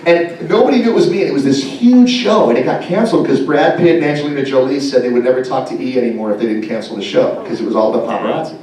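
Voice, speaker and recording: A man answering fan questions on a convention panel, animated and jokey, slipping into impressions. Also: mid-range voice, very fast, few pauses. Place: large convention hall. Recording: echoey hall, distant mic, crowd.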